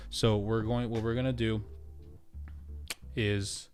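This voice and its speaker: Soft music plays in the background as an American real estate agent rambles through a casual home livestream, reading viewer comments aloud. His voice sits on the low side, level and a little mellow, and he takes his time.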